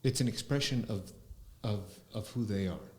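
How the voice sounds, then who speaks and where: A man, a spiritual teacher, talking slowly and reflectively as a podcast guest, often pausing with fillers. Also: on the low side. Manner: slow, musing, with frequent fillers. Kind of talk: reflective conversational talk. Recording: roomy echo.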